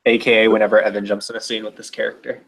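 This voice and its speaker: A man's voice: on the low side, flat delivery, very fast, gravelly, fairly bright tone. A man narrating his character's actions in a casual tabletop role-play, rambling with many fillers and restarts. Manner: rambling, filler-heavy, self-interrupting. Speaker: player.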